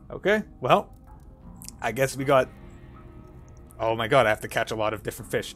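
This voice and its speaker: A man's voice: medium pitch, expressive, normal speed, pauses often, a bit bright, soft background music. A Canadian man hosting a let's play, chatty and self-mocking as he plays.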